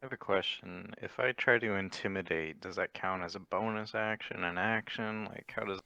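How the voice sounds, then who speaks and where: A man's voice: deep voice, moderate pace, vocal fry, pushed and bright, dry recording, highs cut off. A man playing in a tabletop game, asking about the rules and giggling sheepishly at his own antics. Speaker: player. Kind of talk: casual tabletop play.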